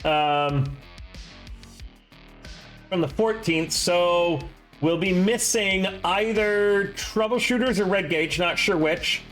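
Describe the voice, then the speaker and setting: A man's voice: high voice, a bit bright. Rambling casual streamer man, music behind. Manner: rambling, self-deprecating, quick asides. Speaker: streamer and game master.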